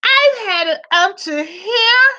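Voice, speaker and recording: A woman's voice: very high voice, animated, slow pace, pushed and bright, muffled recording, voice pushed up, heavily acted. A woman voicing a prim, scheming rich woman who feigns innocence and talks in prissy, innocent-sounding denials. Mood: fed up.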